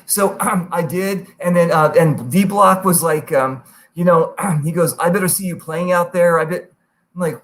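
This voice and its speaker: Man, high voice, podcast host, casual storytelling, animated, profane. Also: normal speed. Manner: animated, swears freely, jumps to high-pitched quoted voices.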